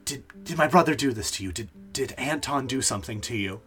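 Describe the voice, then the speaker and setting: A worried man speaks low and hushed, urging someone to listen, as a game master voices him. The voice is quiet and pleading, with a lively rise and fall. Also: fairly quick, faint music behind, close to an everyday voice. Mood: urgent. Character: worried, urgent man pulling someone aside.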